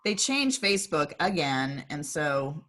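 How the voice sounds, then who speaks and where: A woman's voice: low-pitched, very animated, unhurried, fairly bright tone. A middle-aged woman co-hosting a casual talk show, speaking in a reflective, agreeable way. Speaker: podcast co-host. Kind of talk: casual chat.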